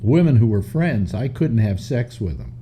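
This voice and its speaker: An older man hosts a talk show from home, rambling and restarting as he chats. His voice is mellow and swings around a lot in pitch, a little stuffy from a runny nose. A faint hum sits underneath. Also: lively intonation. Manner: rambling, chatty, halting restarts. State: stuffy nose, slightly short of breath. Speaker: radio talk show host. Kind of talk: casual call-in chat. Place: home studio in New York.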